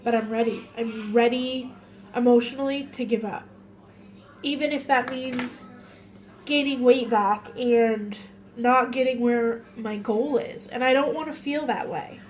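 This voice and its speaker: Woman, tearful, confessional vlog, halting and repetitive, higher voice, very slow pace. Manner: emotional, halting, repeating herself. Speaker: vlogger.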